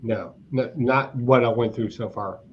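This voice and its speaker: A man's voice: medium pitch, measured pace. A man hosting a casual online panel chat, full of crude, teasing banter. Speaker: hangout host. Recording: dull lo-fi sound with faint noise.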